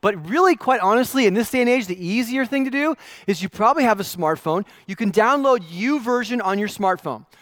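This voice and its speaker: Pastor, male, young adult, high-pitched, chatty self-deprecating sermon, dry close mic. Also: lively intonation, fairly quick, fairly bright tone, no room sound. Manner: casual, self-deprecating storytelling with filler words.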